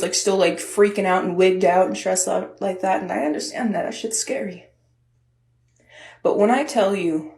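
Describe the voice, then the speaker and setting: A young woman telling a personal story in a casual, animated way, chatty and swearing freely. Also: medium pitch, echoey room.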